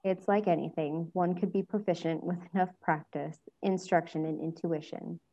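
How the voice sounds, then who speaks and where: A woman's voice: lowish voice, steady tone, moderate pace, mellow, dull audio. A woman voicing a brooding, sardonic older male wizard who drawls his lines dryly. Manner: dry, drawling.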